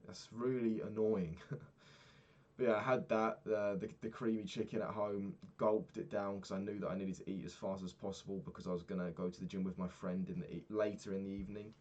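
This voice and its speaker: Deep-voiced man, casual swearing. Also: brisk, lo-fi sound. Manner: candid, swears often, animated when retelling annoyances. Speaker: personal trainer. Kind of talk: casual vlog recap.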